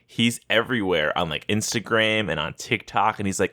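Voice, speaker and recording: A man's voice: lowish voice, moderate pace, sharp tone. A young man hosting a casual gaming podcast, swearing and telling stories with animation. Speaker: podcast host. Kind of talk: casual chat.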